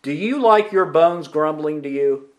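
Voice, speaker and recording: A pastor preaching a sermon, asking the congregation questions and repeating their answers back. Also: male voice, a little high, unhurried, lo-fi sound. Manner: emphatic preaching with lively rises and drops.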